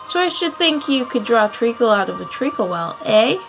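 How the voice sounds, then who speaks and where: A rude, argumentative hatter tossing out smug retorts at a tea table in a storybook, as a woman reads him. His voice sits a little high, with faint music behind. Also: very animated, moderate pace.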